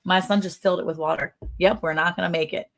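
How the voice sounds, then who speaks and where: A woman's voice: lowish voice, steady tone, quick pace, vocal fry. A middle-aged woman co-hosting a casual livestream chat, talking in a chatty, rambling way and laughing often. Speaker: livestream co-host.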